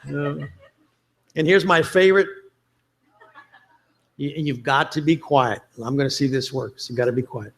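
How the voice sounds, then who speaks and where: A man's voice: a little high, moderate pace, long pauses, fairly bright tone. A man giving a chatty, joking conference presentation, quoting movie lines for laughs. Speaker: conference speaker.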